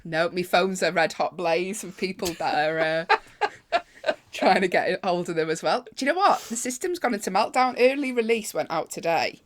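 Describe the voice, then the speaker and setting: A woman's voice: lowish voice, moderate pace. A woman co-hosting a chat podcast, telling stories with lots of giggling. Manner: animated, giggly storyteller. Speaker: podcast co-host. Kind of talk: casual chat.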